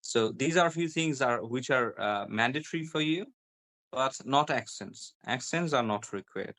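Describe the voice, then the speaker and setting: A man's voice: mid-range voice, animated, moderate pace, fairly bright tone. A man with a British accent explaining pronunciation as a guest, repeating example words to show stress and intonation. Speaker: guest English pronunciation speaker. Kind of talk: explanatory conversation.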